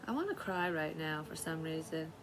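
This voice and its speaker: Woman vlogger, low voice, rambling and profane, faint hiss behind. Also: lively intonation, moderate pace, poor audio. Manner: profane, scattered, talks to herself, drops into whispers. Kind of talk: rambling psychic vlog monologue.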